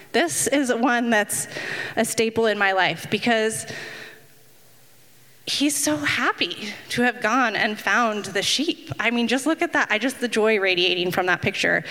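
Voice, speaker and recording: A woman's voice: fairly high pitch, bright, forceful tone. Chatty woman preaching in an echoey hall. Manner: chatty, self-deprecating, many fillers and laughs. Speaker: women's ministry speaker. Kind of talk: casual talk-style devotional sermon. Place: church hall. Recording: long hall reverb.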